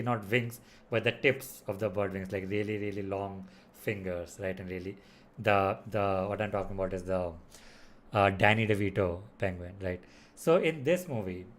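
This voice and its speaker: A man giving a casual spoken film review, rambling with lots of fillers and restarts. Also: on the low side. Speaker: movie reviewer.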